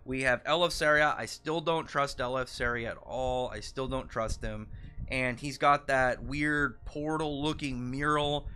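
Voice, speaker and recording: A man's voice: mid-range voice, pushed and bright. A young man reviewing a manga chapter in casual solo commentary, rambling with frequent restarts and lots of filler words.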